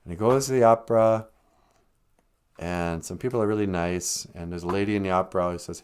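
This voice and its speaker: A man hosting a comedy live stream, telling a rambling, jokey story with lots of pitch swings. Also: brisk, a little mellow, smooth. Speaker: comedian host.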